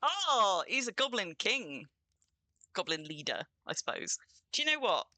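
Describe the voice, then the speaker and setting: Bright, chatty woman streamer. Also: mid-range voice, big pitch swings, measured pace, dry recording. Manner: chatty and bubbly, greets viewers. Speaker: streamer hosting a game stream. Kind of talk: casual livestream chat.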